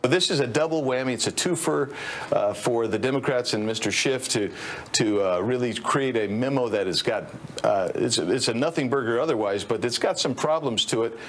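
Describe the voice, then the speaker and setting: A man commentator in a televised clip, talking haltingly with many restarts. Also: medium pitch, a little hiss or hum. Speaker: political commentator.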